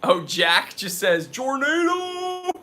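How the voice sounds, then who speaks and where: Young man, live stream host, bright high voice, energetic, reads chat aloud, sweaty after a hike. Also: unhurried.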